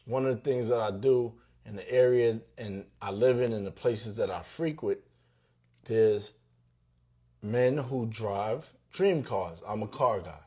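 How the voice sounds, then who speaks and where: A man hosting his own show, telling a motivational story in an animated way, with loud bursts and hushed asides. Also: lowish voice, measured pace, slightly rough. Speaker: host.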